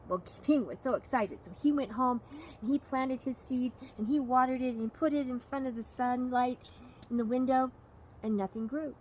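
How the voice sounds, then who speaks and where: A woman storyteller telling a fable with a moral in an expressive, lively way. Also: sits high, normal speed, slight background noise, rough recording.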